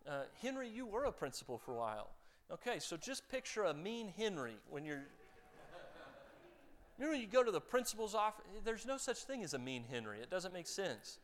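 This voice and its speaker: Slightly high-voiced pastor, conversational sermon. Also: male voice, very animated, a little fast. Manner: conversational, joking with the congregation.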